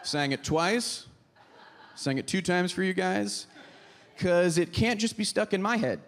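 A man's voice: sits high, animated, unhurried, noisy background. A man from Pittsburgh doing a wry, self-mocking stand-up set on a comedy club stage into a handheld mic. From Pittsburgh, Pennsylvania.

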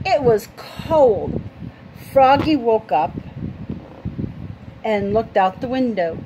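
Slow, animated woman reading to kids. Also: a little high. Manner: slow, animated, asks listeners questions. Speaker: storytime reader. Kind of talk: reading a picture book aloud to children. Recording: noisy home recording.

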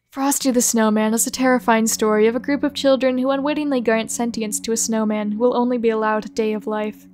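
A woman with a fairly high voice reads out comic reviews in a dry, deadpan way, each line landing with a sardonic edge. Faint music plays softly underneath. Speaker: video narrator reading reviews. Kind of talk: comic narration of read-out reviews.

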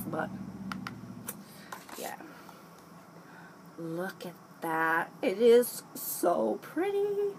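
A woman's voice: mid-range voice, noisy background. Young woman vlogger, bubbly and theatrical, drifts into silly accents, recorded on camera mic in a small room. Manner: excitable, bursts into song, slips into put-on accents. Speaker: beauty vlogger. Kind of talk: casual makeup haul chat.

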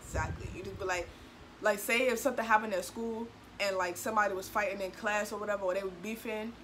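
A young woman with a DMV accent explaining slang in casual chat, animated and acting out quotes in a high voice. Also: quick pace, a little hiss or hum, rough recording. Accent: DMV Black American English. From DMV area, US.

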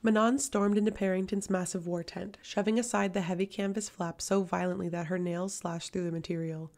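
A woman narrating a fantasy novel audiobook in a steady, measured reading. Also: fairly low pitch. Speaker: audiobook reader.

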